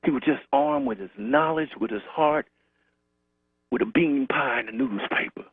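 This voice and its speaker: A man's voice: a little high, very animated, moderate pace, gravelly, breathy edge, no echo. A man calling in to a talk show, remembering a friend in rhythmic, repetitive storytelling. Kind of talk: call-in tribute remembrance. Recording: tinny phone line.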